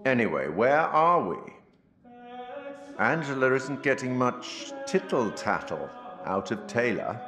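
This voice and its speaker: An actor playing a mysterious male curator who narrates a game in a measured, theatrical, knowing way. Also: mid-range voice, very animated. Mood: cryptic. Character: mysterious old-world male curator narrator, cryptic and wry. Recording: echoey game audio with loud music.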